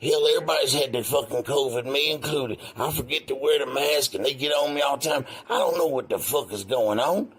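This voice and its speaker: A man with a Southern accent doing a goofy impression of an elderly male president, mumbling profane complaints in a husky voice. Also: medium pitch, brisk, few pauses, fairly bright tone, faint music behind, close to an everyday voice. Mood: grumbling.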